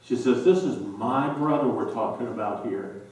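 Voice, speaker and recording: A male pastor preaching a sermon, slow and emphatic with dramatic pauses, recorded in a church sanctuary. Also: medium pitch, darkish tone. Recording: very echoey church from a distance.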